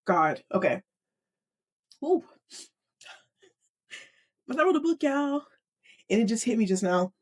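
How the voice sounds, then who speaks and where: A woman hosting a motivational podcast, talking directly to her listeners and calling them y'all, moved almost to tears. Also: mid-range voice. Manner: animated, addresses listeners as y'all. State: emotional, near tears. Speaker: podcast host and author.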